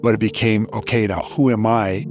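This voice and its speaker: A man's voice: fairly low pitch, fairly even intonation, normal speed, music in the background. A middle-aged man as a podcast guest, earnestly telling a personal story with reflective emphasis.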